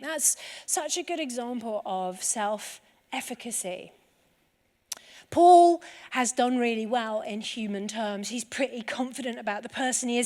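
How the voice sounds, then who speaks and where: High-voiced woman speaking in a hall. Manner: lively storytelling. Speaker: conference speaker. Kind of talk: talk to a live audience.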